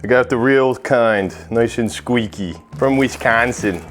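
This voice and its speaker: With faint music and slight background noise behind him, a young American cooking channel host rambles jokingly and swears. He speaks unhurriedly at a medium pitch.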